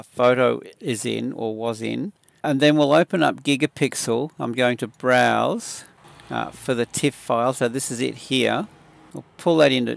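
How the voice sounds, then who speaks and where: A man giving a relaxed, conversational photo-editing tutorial, talking through each step with small fillers. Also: medium pitch, gravelly, no echo. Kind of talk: casual software tutorial.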